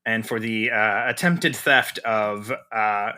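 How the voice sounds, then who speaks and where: A man narrating his character in first person during a tabletop role-play game, slow and deliberate. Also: fairly low pitch, pushed and bright. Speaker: player.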